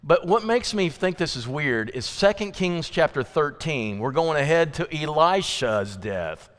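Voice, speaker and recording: Unhurried and lively in intonation, a man with a fairly bright tone delivers an evening sermon in a church sanctuary. He keeps it chatty, asks the listeners questions, and acts out quoted voices with sudden jumps in pitch, all under long hall reverb.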